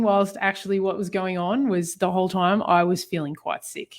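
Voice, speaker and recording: A woman's voice: fairly low pitch, moderate pace. A woman co-hosting a personal talk about healing, telling stories with lots of fillers and frequent laughter. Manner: animated storytelling, laughs often, frequent fillers. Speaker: co-host.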